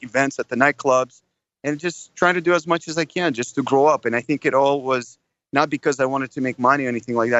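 A man's voice: medium pitch, fairly bright tone, no echo. Man, Russian accent, thirties, eager, rambling, dry lo-fi call audio. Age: 30s. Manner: eager, rambling with frequent restarts. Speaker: guest. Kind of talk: casual interview. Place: airport, background noise.

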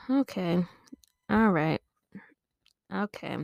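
A woman hosting a comedy podcast, rambling and swearing freely as she riffs. Her mid-pitched voice has a gravelly edge, and the sound is close and dry with no room echo. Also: lively intonation, normal speed. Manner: profane, rambling, playful. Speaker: podcast host. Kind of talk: casual comedic riffing.

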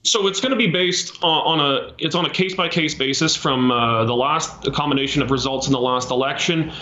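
A Canadian man leading a small political party, answering interview questions in a measured way with many fillers and restarts. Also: fairly high pitch, pushed and bright, echoey room, highs cut off, slight background noise.

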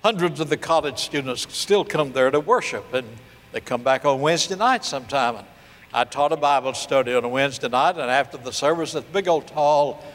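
An older man preaching a sermon, telling a story and acting out the voices, slowing down to stress key points. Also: mid-range voice, fairly bright tone, long reverb tail. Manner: storytelling preacher, acts out dialogue, slows for emphasis. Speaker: pastor.

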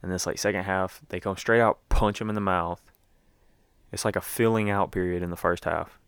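A man's voice: low-pitched, steady tone, normal speed, a bit bright, clean tone, dry recording. A young man giving a rambling, casual recap as a sports fan, with lots of fillers and restarts.

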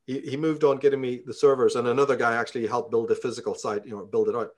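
A man's voice: medium pitch, flat delivery, fast talker, a little mellow. A man from Belfast with a Northern Irish accent, telling a story in a casual interview, profane and heated as he rants. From Belfast, Northern Ireland.

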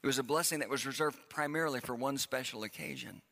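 A male pastor giving a sermon in a church, reading scripture dramatically and slowing down for emphasis. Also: mid-range voice, creaky, bright, forceful tone. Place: church sanctuary. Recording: long hall reverb.

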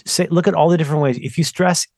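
This man's slightly high, gravelly voice moves quickly as he co-hosts a podcast full of casual tech chatter. He's animated and rambling, breaking into his own sentences often. The audio is studio grade with no echo.

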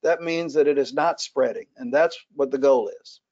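A man's voice: medium pitch, normal speed, darkish tone. A man explaining a concept as a panelist on a webinar, with a few restarts. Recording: lo-fi online call audio.

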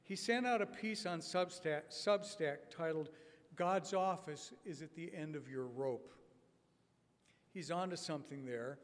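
A man in his sixties giving a prepared conference talk in a measured, wry storytelling manner with deliberate pauses. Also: fairly high pitch. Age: 60s. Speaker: conference speaker. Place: conference hall. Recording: long reverb of a conference hall.

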